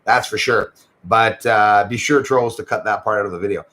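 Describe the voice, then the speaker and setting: A man's voice: lowish voice, normal speed, a bit bright. A man hosting a casual livestream, chatting with viewers, greeting them by name and often saying "eh". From Canada. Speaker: livestream host.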